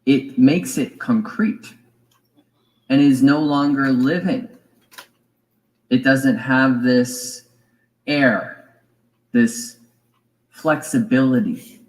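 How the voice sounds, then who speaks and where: A man giving a reflective spiritual lecture, musing and deliberate, with fillers and small asides. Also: mid-range voice, low-quality recording. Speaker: spiritual teacher.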